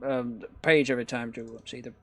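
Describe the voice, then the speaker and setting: A man's voice: medium pitch, steady tone, brisk, a loud crowd. A man co-casting a live online match who talks conversationally and explains how the bracket stands. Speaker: esports co-caster. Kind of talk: casual live game commentary.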